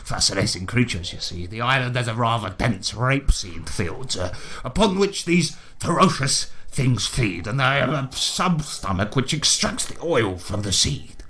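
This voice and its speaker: A man's voice: mid-range voice, expressive, moderate pace, few pauses, fairly bright tone, a little hiss or hum. A man voicing a pompous, boastful male explorer who runs a zoo, rambling and swearing constantly. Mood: belligerent.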